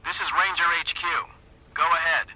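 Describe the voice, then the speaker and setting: An actor playing a ranger headquarters radio dispatcher in a video game, speaking in a clipped, procedural way. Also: male voice, a little high, steady tone, moderate pace, sharp tone, husky, exaggerated voice, rough recording.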